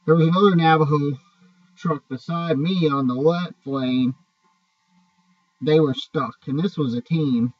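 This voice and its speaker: A man's voice: on the high side, a little slow, long pauses, dry recording. A man who drives a truck, casually telling a story from the road with frequent swearing and restarts. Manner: rambling, profane, restarts often. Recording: dull, distant mic.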